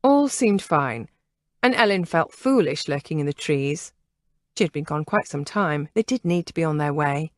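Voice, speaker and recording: Woman narrator, audiobook reading, fairly low voice, dry close sound, measured and expressive. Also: dry recording. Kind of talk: scripted narration.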